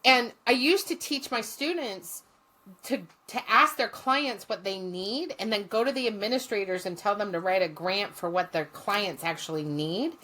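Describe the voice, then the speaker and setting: A woman's voice: mid-range voice, moderate pace, sharp tone. A woman guest, a former social work teacher, telling stories in a blunt, profane and passionate way. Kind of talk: storytelling in conversation.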